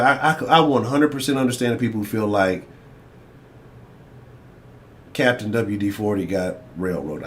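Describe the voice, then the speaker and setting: A man's voice: on the low side, slight background noise. A man hosting a casual sports talk livestream, rambling and swearing as he addresses his chat. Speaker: sports talk show host.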